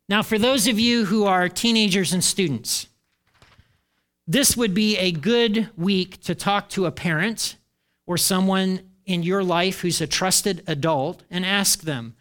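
A middle-aged male pastor preaching a sermon in an animated way, acting out the voices he quotes. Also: sits high, unhurried.

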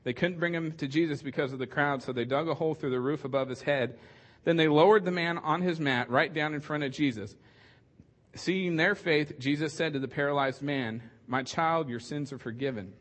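A man's voice: a little high, a little fast, fairly bright tone. A man preaching a casual sermon as pastor, conversational and joking, with many fillers and restarts.

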